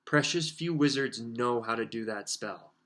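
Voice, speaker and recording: A man's voice: medium pitch, measured pace, fairly bright tone, lightly acted. A man voicing a protective, fatherly middle-aged wizard who argues firmly and angrily. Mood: angry. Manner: firm, angry.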